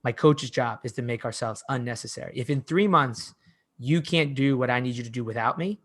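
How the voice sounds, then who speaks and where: A man's voice: mid-range voice, a little fast. A man in his forties, a coach and podcast guest, telling stories casually and with animation. He leans heavily on "like" and often restarts his sentences. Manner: animated storyteller, heavy use of "like", frequent restarts. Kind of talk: casual conversational storytelling.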